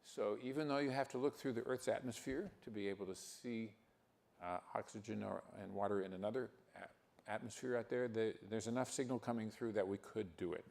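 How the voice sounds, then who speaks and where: An older man giving a conference talk, speaking haltingly with many fillers and restarts. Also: on the low side, vocal fry, darkish tone. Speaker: keynote speaker.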